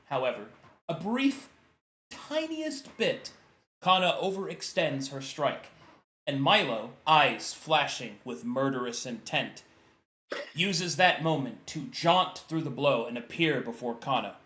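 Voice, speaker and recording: A game master narrating a tabletop role-play session on a voice call, animated and playful, swearing casually. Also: mid-range voice, a little slow, roomy sound.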